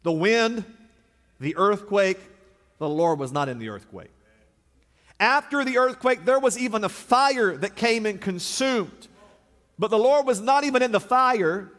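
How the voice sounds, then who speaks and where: Pastor, man, high voice, dramatic preacher who drops to a hush, live in a reverberant sanctuary. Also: animated, measured pace. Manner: dramatic, swinging from loud declarations to hushed low lines. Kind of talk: sermon. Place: large church sanctuary. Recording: long reverb of a large sanctuary.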